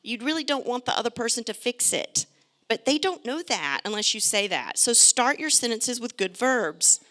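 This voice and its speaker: A middle-aged woman, a pediatrician, giving a lively, joking and direct talk to parents. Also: on the high side, normal speed. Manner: chatty, direct, joking asides.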